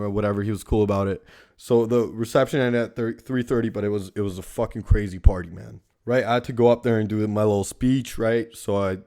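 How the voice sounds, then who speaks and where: A man's voice: fairly low pitch, a little mellow. Young guy ranting about a wedding party, swears a ton, keeps saying right. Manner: profane, rambling, lots of "right?" tags. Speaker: podcast host. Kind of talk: casual storytelling monologue.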